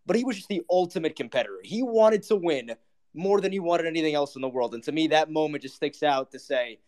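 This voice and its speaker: A man's voice: on the high side, expressive, quick pace, a little mellow. A man in a casual online chat, speaking in an earnest, emphatic way. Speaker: participant.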